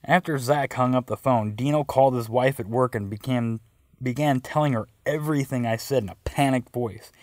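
A man's voice: mid-range voice, moderate pace, darkish tone, dry recording. A man narrating a first-person story in a dry, wry way, voicing the quoted lines himself.

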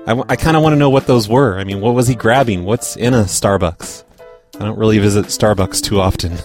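A man's voice: lowish voice, brisk, a little mellow, soft background music. A man hosting a podcast, chatting casually in an amused, rambling way. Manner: laid-back, amused, rambling. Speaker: podcast host. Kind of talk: casual chat.

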